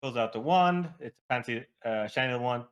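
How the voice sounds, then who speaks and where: A man's voice: medium pitch, brisk. A man talking through a duet tabletop game. He hesitates often, with plenty of fillers, and keeps a playful tone. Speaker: player.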